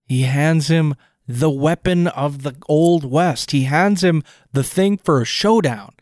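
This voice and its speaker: A man's voice: a little high, takes it slowly, darkish tone, no room sound, clean studio sound. Enthusiastic man breaking down a movie. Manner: enthusiastic, rambling analysis with many restarts. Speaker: podcast co-host. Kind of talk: casual film discussion.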